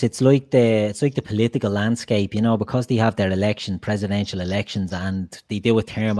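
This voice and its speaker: Man, Irish accent, podcast host, casual chat, swears freely, low voice, dry close sound. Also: darkish tone, no echo. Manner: steers the talk, swears casually.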